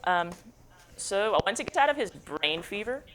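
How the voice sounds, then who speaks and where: A woman's voice: mid-range voice, very animated, normal speed, a bit bright, a little hiss or hum. A young adult woman giving a jokey, slangy, casual book summary as a book club presenter.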